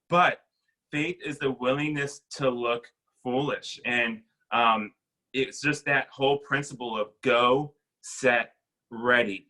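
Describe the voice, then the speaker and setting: A young adult man giving a casual, conversational sermon as a pastor, acting out quick bits of dialogue. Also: medium pitch, sharp tone, poor audio.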